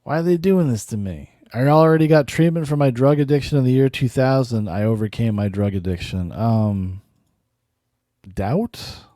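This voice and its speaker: A man's voice: medium pitch, normal speed, mellow, dry recording, clean studio sound. A man hosting a podcast, giving casual, sardonic reaction commentary with cursing and laughing asides. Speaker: podcast host.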